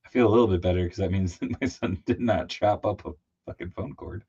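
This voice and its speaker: A man chatting casually while painting a toy figure on a livestream, laughing and lively as he tells stories. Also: fairly quick, breathy edge. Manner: animated, laughing, jumps into high excited voices when telling stories. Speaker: co-host of a toy customizing livestream. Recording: slightly dull lo-fi stream audio.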